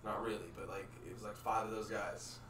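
Male comic, low pitch, rambling storyteller, roomy and slightly distant. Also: flat delivery, brisk, fairly bright tone. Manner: laid-back, rambling, chuckles through stories. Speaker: stand-up comedian and podcast co-host. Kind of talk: casual storytelling chat. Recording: echoey room, mic at a distance.

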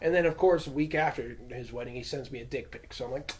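A man co-hosting a casual podcast, telling crude stories loudly and animatedly, laughing and shouting through the quoted bits. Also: mid-range voice, fast talker, a crowd in the background. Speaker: podcast co-host. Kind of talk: casual crude chat among friends.

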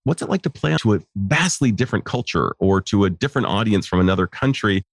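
A man's voice: lowish voice, expressive, fast talker, dry recording, studio quality. A man hosting an interview, asking thoughtful questions and reflecting on ideas in academic terms. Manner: thoughtful, uses academic vocabulary. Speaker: interview host. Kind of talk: podcast interview.

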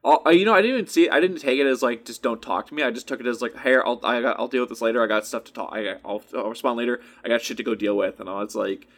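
A man's voice: mid-range voice, rapid-fire, hardly any pauses. A young man co-hosting a casual podcast, telling stories with lots of swearing and acted-out quotes. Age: young adult. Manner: animated storyteller, swears freely, acts out quotes. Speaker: podcast co-host.

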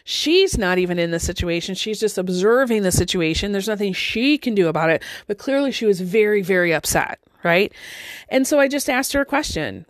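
A middle-aged woman speaks as a life coach in a loose, conversational monologue. She keeps checking in with "right?" and asks rhetorical questions. Her voice sits at an ordinary pitch, and the recording is dry and close, with no room sound. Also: expressive, fairly quick, no echo. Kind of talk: motivational monologue to listeners.

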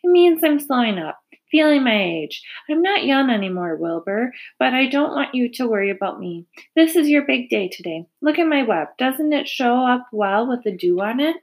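A woman playing weary gentle mother spider, soft and a little high, storybook. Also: very animated, normal speed, hardly any pauses. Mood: weary, tender. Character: gentle aging female spider, tired and wise.

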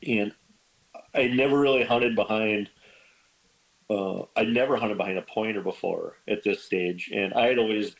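A man guest on a podcast, telling stories in casual chat, lively and animated, acting out quoted lines with big jumps in pitch. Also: normal speed, creaky, low-quality recording. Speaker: podcast guest, bird dog kennel owner.

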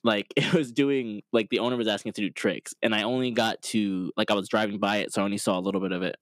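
A man co-hosting a podcast in casual chat, laughing often and cutting in with quick playful remarks. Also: fairly low pitch, steady tone, no room sound. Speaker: podcast co-host.

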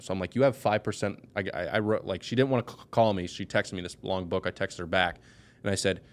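A man's voice: deep voice, fairly even intonation, fast talker. A man speaking as a podcast guest, telling a personal story with intense, blunt emotion. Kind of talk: candid personal conversation.

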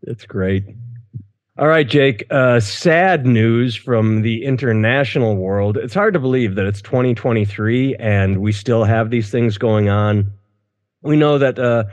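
A man's voice: lowish voice, in a large hall. A man in his thirties co-hosts a comedy news podcast, sarcastic and profane. He stumbles through restarts as he talks. The audio is dull and lo-fi, as if from a modest home setup. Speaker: podcast co-host. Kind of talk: casual comedic news chat.

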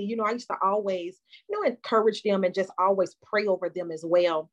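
A woman from the Chicago area hosting a heartfelt conversation, speaking in a warm, preacher-like testifying manner. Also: medium pitch, a little fast, few pauses. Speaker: host.

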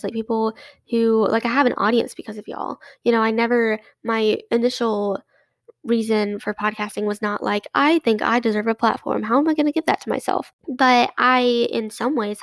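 A woman's voice: a little high, gravelly, dry recording. A young woman, hosting her solo podcast in an effusive, grateful, chatty way full of restarts. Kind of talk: casual monologue to listeners.

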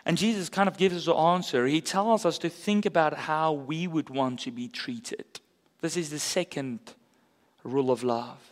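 A man's voice: fairly high pitch, moderate pace. Man preaching in a reverberant hall. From South Africa. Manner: earnest and conversational, with casual asides. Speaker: pastor. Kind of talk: sermon.

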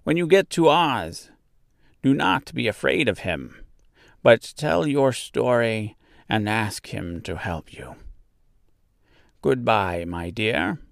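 A man voicing a kindly old woman who is a good witch, speaking slowly, gently and solemnly. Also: mid-range voice, lively intonation, vocal fry, no room sound, studio quality. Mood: gentle.

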